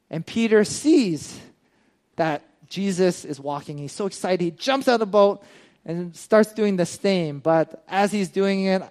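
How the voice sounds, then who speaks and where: A man preaching a sermon in a relaxed, conversational way, often checking in with his listeners and retelling stories with animation. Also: high-pitched. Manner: conversational, with frequent "right?" asides.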